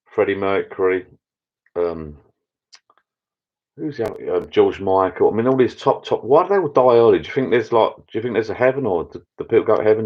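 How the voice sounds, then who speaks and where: Chatty low-voiced man rambling. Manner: chatty, rambling, easily excited. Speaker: channel host. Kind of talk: casual live chat with viewers. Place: backyard pub shed. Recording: dull lo-fi sound.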